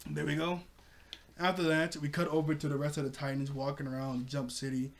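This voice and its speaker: A man's voice: on the high side, level tone, brisk, a little hiss or hum. A young man casually recapping and reviewing a cartoon episode, chatty, laughing often and acting out quoted lines.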